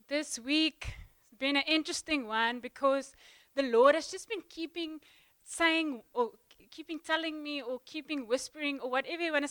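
A young woman giving a sermon in a church, chatty and halting, full of ums and restarts. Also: high-pitched, fairly bright tone, no echo. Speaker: guest preacher. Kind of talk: sermon opening, casual warm address.

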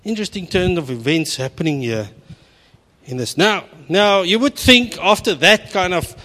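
A middle-aged South African man preaching a sermon, telling stories with an animated, humorous delivery. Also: sits high, moderate pace, long reverb tail.

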